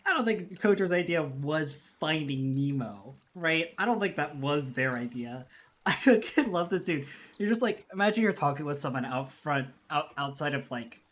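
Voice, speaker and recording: A woman's voice: deep voice, expressive, moderate pace. A woman streamer giving casual, rambling commentary while playing a game, giggling often and swearing freely.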